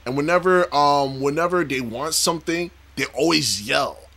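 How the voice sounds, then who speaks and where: A man's voice: on the high side, moderate pace, vocal fry, fairly bright tone. A man hosting a YouTube reaction video, chatting casually and laughing often.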